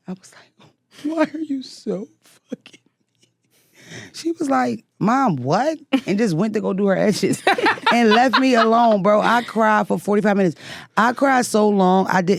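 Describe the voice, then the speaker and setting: A woman in her forties with a gravelly, creaky edge to her voice tells loud, profane stories with lots of laughter. She sits close to the mic in a dry, dead room, speaking as a casual podcast guest. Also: mid-range voice, brisk, no echo. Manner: loud storytelling with swearing and laughs. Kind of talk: casual chat.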